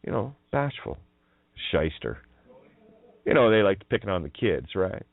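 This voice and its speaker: A man with a low voice that swoops up and down, delivering a profane, mocking monologue. He chuckles and drags words out in sing-song wordplay. His voice comes through dry and tinny, as if over a phone line. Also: very animated, measured pace, gravelly, pauses often, no room sound. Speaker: radio show host.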